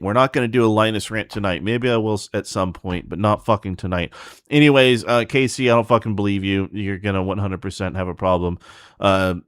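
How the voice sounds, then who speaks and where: A man's voice: fairly low pitch, fairly bright tone, no echo, clean studio sound. A man hosting a livestream, talking casually in a blunt, profane, ranting way to his chat. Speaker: streamer host.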